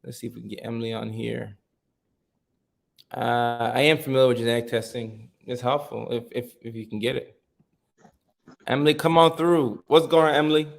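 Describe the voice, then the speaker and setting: A man's voice: medium pitch, fairly even intonation, normal speed, creaky, pauses often. A man in his thirties hosting a casual live stream, chatting loosely with viewers and reading their comments aloud with frequent restarts. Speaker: livestream host.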